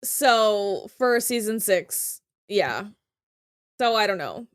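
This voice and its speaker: A woman co-hosting a casual TV recap podcast, animated and quick to laugh. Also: mid-range voice, clean tone. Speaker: podcast co-host.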